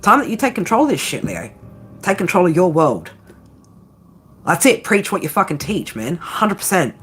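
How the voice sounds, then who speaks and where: A woman's voice: fairly low pitch, big pitch swings, normal speed, breathy edge. A woman tarot reader giving a blunt, profane pep talk, peppering her lines with "right?" and "okay?". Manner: repeats "right?" and "okay?" constantly. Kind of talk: tarot reading monologue.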